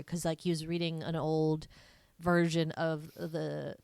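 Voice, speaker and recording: A woman's voice: deep voice, flat delivery, unhurried, creaky, clean tone, dry recording. A woman co-hosting a podcast, explaining things in casual chat with lots of fillers. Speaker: podcast co-host.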